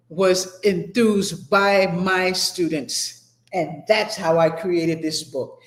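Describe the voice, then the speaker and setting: A middle-aged woman instructor giving a motivational talk to her class, emphatic and rambling, often repeating herself. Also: fairly low pitch. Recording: echoey room.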